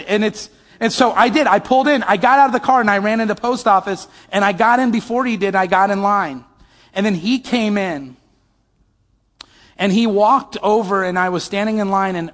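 A man with a high voice preaches in a casual, storytelling way, turning to his listeners with questions as he goes. His words ring out with a long echo, as if spoken in a big church hall. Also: fairly bright tone. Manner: conversational, asks the audience questions. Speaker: pastor. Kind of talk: sermon storytelling.

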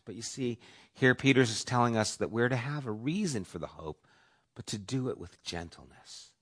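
A man with a low-set voice preaches a sermon, the kind a pastor gives to his congregation. He is middle-aged and shifts his volume a lot, pushing some phrases out strongly and dropping others almost to a whisper. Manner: varies volume, dropping to soft whispers for emphasis.

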